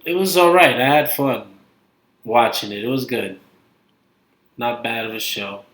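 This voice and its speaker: A man's voice: mid-range voice, animated, a little slow, a bit bright. A man with a Brooklyn accent co-hosting a casual podcast, rambling and hesitant, trailing off often. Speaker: podcast co-host. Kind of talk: casual chat. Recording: echoey room.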